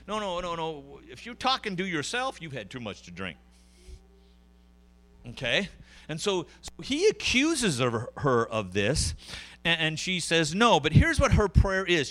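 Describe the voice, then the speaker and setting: A middle-aged man preaching a sermon, conversational and animated, with frequent asides to the congregation. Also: on the high side. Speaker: pastor.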